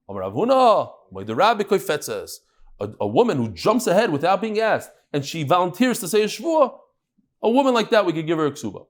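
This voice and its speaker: Male Talmud teacher, high voice, animated classroom delivery that mixes in Aramaic terms. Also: a little fast. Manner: lively, mixes Hebrew-Aramaic terms into English, jokes with listeners.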